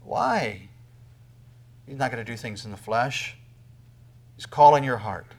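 A man preaching a sermon, talking to the congregation with rhetorical questions and swinging from loud emphasis to near whispers. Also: medium pitch, measured pace. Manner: emphatic preaching with sudden loud peaks and quiet drops. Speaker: pastor.

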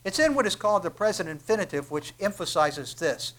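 A man preaching a sermon, emphatic and full of rhetorical questions, dropping to a hush and then building to loud, drawn-out declarations. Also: very animated. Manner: emphatic, swings from hushed to booming, rhetorical questions.

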